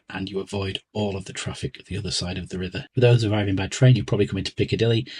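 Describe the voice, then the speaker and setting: Husky low-voiced man giving travel tips. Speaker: contributor giving away-day travel tips. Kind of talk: pre-recorded guide for travelling fans. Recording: older home setup.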